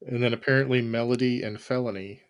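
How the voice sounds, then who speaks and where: Male quizmaster, deadpan question reader, middle pitch. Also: fast talker, clear, resonant tone. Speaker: quizmaster host. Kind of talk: reading trivia questions, casual chat.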